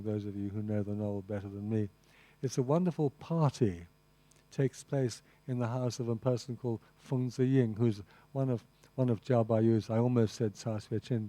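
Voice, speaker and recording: A man's voice: mid-range voice, dark tone, dry recording. A man lecturing at a master class on translation, enthusiastic and rambling, with many asides to the audience and "you see.". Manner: frequent restarts and "you see". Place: lecture room.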